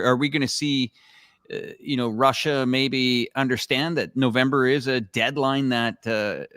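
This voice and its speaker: A man's voice: mid-range voice, fairly bright tone, no echo, clean studio sound. A man co-hosting an interview, asking long, rambling questions with many fillers and hesitations.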